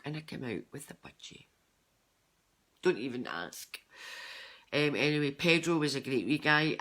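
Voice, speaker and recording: A woman's voice: deep voice, fairly bright tone. An older woman with a Scottish accent, giving a rambling, chatty tarot card reading with lots of ums and restarts. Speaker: psychic tarot reader.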